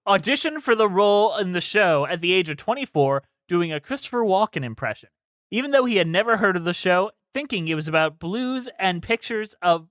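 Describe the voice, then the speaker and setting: A man's voice: sits high, fairly bright tone, dry recording. A man co-hosting a casual podcast, rambling along as he reads out trivia facts. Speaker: podcast co-host.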